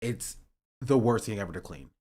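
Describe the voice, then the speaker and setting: A young male streamer talks casually with his audience. His pitch swings widely as he jokes sarcastically. At times he works himself up into a heated rant. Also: normal speed. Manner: joking and sarcastic, reading chat aloud; rising to animated ranting. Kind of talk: casual livestream chat.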